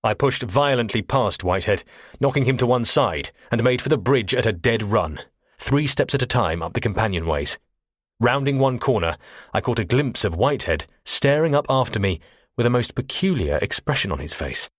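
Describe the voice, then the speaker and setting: A man narrating a first-person thriller audiobook in a measured, even way. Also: medium pitch, dry recording, clean studio sound.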